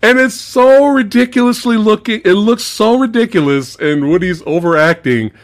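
A male podcast host chatting casually about a movie, animated, swearing freely, laughing often and acting out movie lines. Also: high voice, measured pace. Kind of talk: casual movie review chat.

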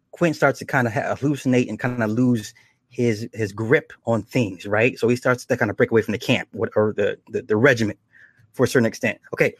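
A man casually retelling horror episodes, slipping into quick acted quotes and chuckles. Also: mid-range voice, no room sound, studio quality. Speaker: show reviewer.

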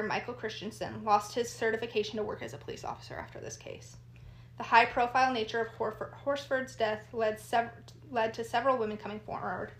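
A woman co-hosting a true crime chat, steadily recounting the details of a case and reading out quotes. Her voice is a little high. The room around her sounds echoey. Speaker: podcast co-host.

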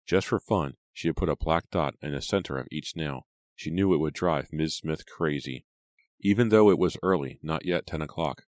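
An audiobook narrator with a very deep male voice reads scripted narration in a measured, even storytelling manner. The sound is clean studio quality with no echo.

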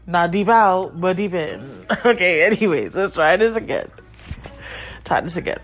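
A woman's voice: on the low side, lively intonation, unhurried, faint music behind. A woman hosting a podcast who talks frankly and in a scattered way to her listeners, breaking off now and then to look after her kids. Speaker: podcast host and mother. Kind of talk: candid casual rambling to listeners.

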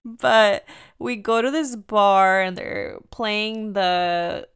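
A young woman telling a story in a casual, chatty way. Her voice is smooth and clear at a middle pitch. She acts out the quoted lines with lively energy. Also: extremely slow.

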